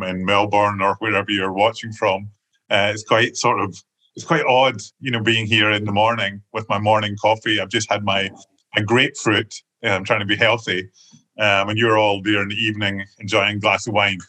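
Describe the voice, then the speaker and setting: A man's voice: fairly low pitch, pushed and bright. A Scottish man, an author, talking about his book over a video call in a chatty, hesitant way with frequent restarts. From Scotland. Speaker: author guest. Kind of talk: conversational book talk.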